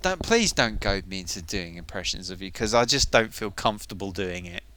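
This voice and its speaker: Bright-voiced man rambling on a stream. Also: low voice, animated, fairly quick. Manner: rambling, self-mocking. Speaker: live streamer. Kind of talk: casual live-stream chat.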